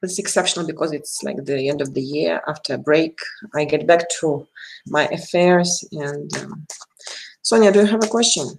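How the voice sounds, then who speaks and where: A woman hosting a live stream as a tarot reader and astrologer, talking casually and hesitantly with pauses and fillers. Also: low-pitched, creaky, poor audio.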